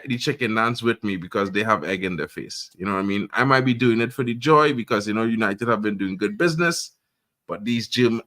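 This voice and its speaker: A man's voice: medium pitch, a bit bright. Hesitant man full of fillers. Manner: hesitant, many "you know" fillers. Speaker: podcast co-host. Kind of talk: casual chat.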